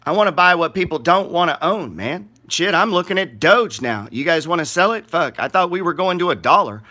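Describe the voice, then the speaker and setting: A man's voice: a little high, expressive, a little fast, bright, forceful tone. A middle-aged man giving casual, rambling market commentary in a blunt, profane and sarcastic way.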